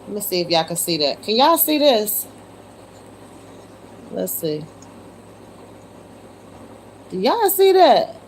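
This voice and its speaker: This livestream host is very animated but speaks slowly, pausing often, in a medium-pitched, darkish voice with a little hiss or hum. Streaming from her phone, she chats casually with viewers, calls them y'all, and exclaims in disbelief.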